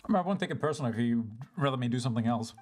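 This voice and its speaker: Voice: mid-range voice, lively intonation, rapid-fire. A game streamer chatting casually while playing, self-mocking and rambling, swearing now and then, and breaking into laughter often. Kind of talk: casual live-stream commentary over gameplay.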